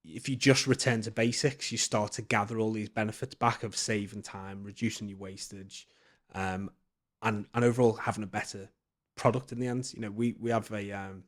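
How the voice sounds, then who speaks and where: A man's voice: on the low side, steady tone, moderate pace. Chatty man telling stories. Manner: chatty, many fillers and restarts. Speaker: podcast guest. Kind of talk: casual storytelling.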